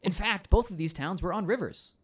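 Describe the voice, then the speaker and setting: A man's voice: high voice, slow, husky, voice pushed up, heavily acted. A man putting on a ranting, pedantic Welsh army captain. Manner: excited, lecturing rant.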